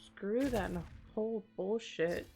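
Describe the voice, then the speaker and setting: A woman's voice: medium pitch, slow pace, mellow, faint music behind. A woman streaming a video game, reacting emotionally, swearing and laughing. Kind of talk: casual live-stream commentary.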